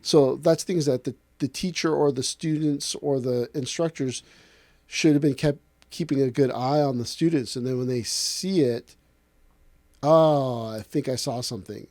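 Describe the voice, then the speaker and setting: A man, an aikido instructor, in a casual podcast talk, telling lively stories and acting out other people's lines. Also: medium pitch, normal speed, no echo. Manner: animated storyteller acting out other people's voices.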